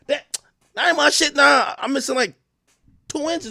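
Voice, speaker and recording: A man streaming casual comedic commentary, profane and animated, breaking into loud shouted outbursts. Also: very high-pitched, normal speed, creaky, pauses often, no room sound, studio quality.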